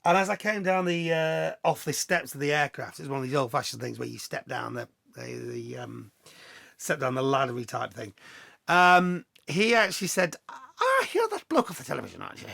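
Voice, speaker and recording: Chatty, gravelly man. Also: mid-range voice, moderate pace, bright, forceful tone, dry recording, clean studio sound. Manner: chatty, anecdotal, self-deprecating humor. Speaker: TV property presenter answering viewer questions. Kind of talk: casual Q&A chat.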